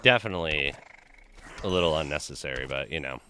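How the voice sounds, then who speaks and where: A man's voice: very deep voice, lively intonation, fast talker, sharp tone, a little hiss or hum. A young man streaming a game, chatting casually with viewers, reading names from chat and telling crude, joking stories. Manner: loose, profane, joking storyteller reading chat.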